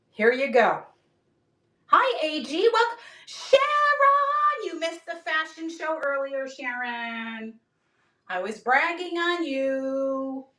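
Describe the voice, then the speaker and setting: Woman, high voice, bubbly live-stream seller, echoey room, standing back from the mic. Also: a bit bright, recorded from a distance. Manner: bubbly, greets viewers by name, jokes. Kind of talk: chatty live-stream selling.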